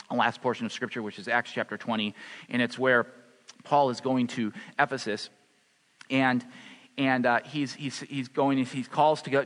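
A man preaching a sermon as pastor, passionate at the peaks and soft and low in prayer. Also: in a large hall. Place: church hall.

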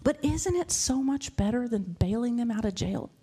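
A woman preaching a sermon to a congregation in a church, animated and laughing often. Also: a little high, normal speed, slightly rough. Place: church hall with live audience.

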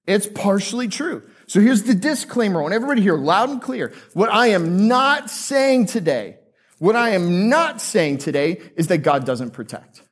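A man's voice: high-pitched, sing-song, fairly quick, hardly any pauses, breathy edge. A male pastor preaching a conversational sermon to a live congregation, joking and asking them questions.

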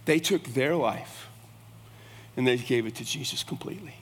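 A man's voice: mid-range voice, moderate pace, slightly rough. A man preaching a sermon in a folksy, conversational way. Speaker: pastor. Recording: long reverb of a large hall.

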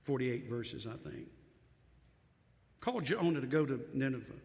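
A man's voice: mid-range voice, animated, normal speed, darkish tone. A man preaching a sermon, telling the story in a folksy way with emphatic repetition, in a church hall. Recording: long hall reverb.

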